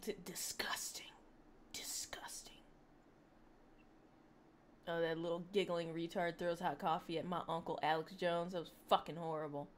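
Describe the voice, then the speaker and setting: A woman's voice: lowish voice, level tone, fairly quick, hardly any pauses, slight background noise. A woman giving casual commentary on posts she reads, sarcastic and mocking, with frequent laughter. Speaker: online commentator.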